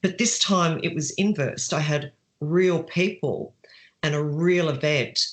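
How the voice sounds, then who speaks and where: A woman's voice: low voice, unhurried. Brief: middle-aged woman author, chatty, restarts often, laughs into her stories. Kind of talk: casual interview answers.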